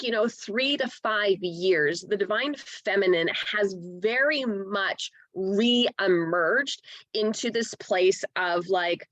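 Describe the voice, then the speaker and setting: A woman's voice: mid-range voice, a bit bright, no echo. Blunt, frank woman on a dry mic. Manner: blunt, frank, swears freely, many fillers like "right?". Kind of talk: casual podcast conversation.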